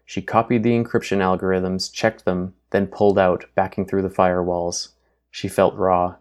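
A man reading a novel aloud as an audiobook narrator in steady, even storytelling. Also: low-pitched, moderate pace. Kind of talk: scripted narration.

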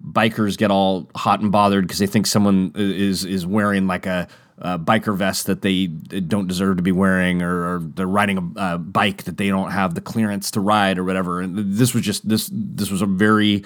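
A man's voice: normal speed, no echo, clean studio sound. A man telling a personal story in a casual, rambling way, acting out the other people's lines in raised voices. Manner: animated, jumps to high voices when quoting others; rambling with frequent restarts and fillers.

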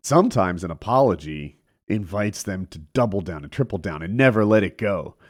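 A man chatting casually about politics on a podcast, animated and laughing easily. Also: deep voice, normal speed. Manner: animated, laughs often, trails off.

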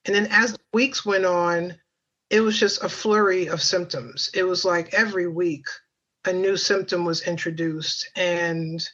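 A woman's voice: on the low side, steady tone, measured pace, fairly bright tone, lo-fi sound. A woman guest on a podcast telling a personal story in a chatty way, with many fillers and asides.

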